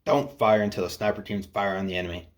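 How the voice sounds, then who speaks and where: A strict, short-fused male Marine sergeant barks orders in a deep, low voice, as a man reads him out. He snaps at his squad, rigid about rules and quick to anger. He sounds like a figure in a military story read aloud. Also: flat delivery, lightly acted. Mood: stern. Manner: barking orders.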